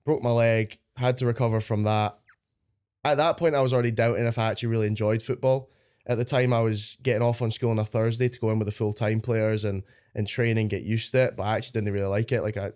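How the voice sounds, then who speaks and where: A man's voice: on the low side, a little mellow. A young adult man with a Scottish accent, a guest on a podcast, telling stories in a chatty, rambling way and swearing freely. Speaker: guest powerlifter. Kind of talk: casual podcast chat.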